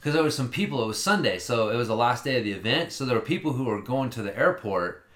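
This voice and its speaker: A man's voice: medium pitch, lively intonation, quick pace, a bit bright, roomy sound. A man telling a long story in casual chat, rambling and swearing freely.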